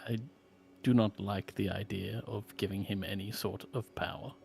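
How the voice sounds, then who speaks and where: A man sits at a tabletop game as a player, speaking in a fairly low voice. He is enthusiastic in chat and measured when making his case. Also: flat delivery, creaky, a little mellow, soft background music.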